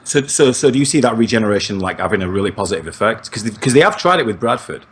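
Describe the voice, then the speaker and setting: A British man co-hosting a casual interview, asking questions in a relaxed, blunt way. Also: lowish voice, racing, slight background noise. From Britain.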